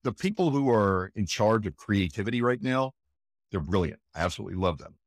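A man's voice: lowish voice, expressive, fairly quick, no room sound, studio quality. A man who works as a voice actor, chatting in an interview, enthusiastic and emphatic, often tossing in "again" and "right?". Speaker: voice actor guest. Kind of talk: casual interview chat.

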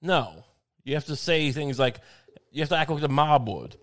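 A man's voice: on the high side, expressive, normal speed. A man doing a rambling, profane comic monologue, ranting and drifting from one subject to the next.

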